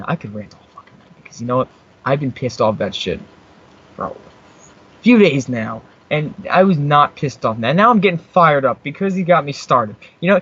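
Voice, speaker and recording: A man's voice: medium pitch, fairly bright tone, husky, dull audio. A young American man hosting an internet radio show, rambling through a profane, easily fired-up rant from a small home studio. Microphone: studio mic with headphones.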